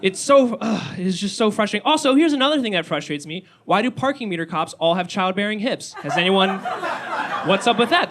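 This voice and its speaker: A young man doing a stand-up comedy set, excitable and given to yelling. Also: high voice, a little fast, a crowd in the background. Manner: excitable, rising to yells. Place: small comedy venue with live audience.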